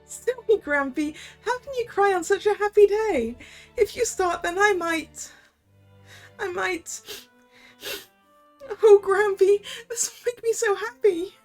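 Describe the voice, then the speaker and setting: A woman's voice: extremely high pitch, takes it slowly, pauses often, soft background music, voice pushed up. A woman voicing a sweet, gushing female ghost bride from a game, reading her lines aloud.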